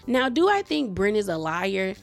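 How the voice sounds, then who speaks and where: A woman recapping a reality TV episode in a casual, chatty, slangy way, retelling the arguments with animated quoting. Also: medium pitch, normal speed, creaky, faint music behind.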